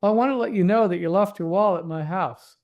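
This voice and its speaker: A man's voice: sits high, fast talker, darkish tone, highs cut off. A man voicing a woman friend who calls on the phone to reassure someone, in a plain, matter-of-fact way. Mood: reassuring.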